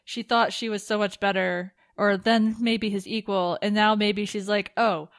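A woman's voice: medium pitch, little pitch movement, moderate pace, no echo. A woman co-hosting a podcast, recapping a TV episode in casual chat full of jokes and fillers. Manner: chatty, joking, full of fillers. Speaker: podcast co-host.

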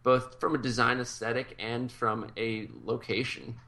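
A man's voice: mid-range voice, level tone, unhurried, sharp tone. A man co-hosting a podcast, chatting casually and rambling enthusiastically over a video call. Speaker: podcast co-host. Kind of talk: casual chat.

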